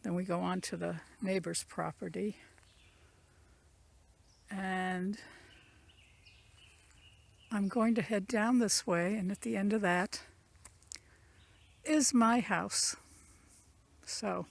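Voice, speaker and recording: In a gravelly, fry-edged, mid-range voice, a woman chats slowly through a tour of her country property, leaving long pauses. She rambles easily and points things out as she walks through woods and fields, filmed on a phone camera she carries as the channel owner.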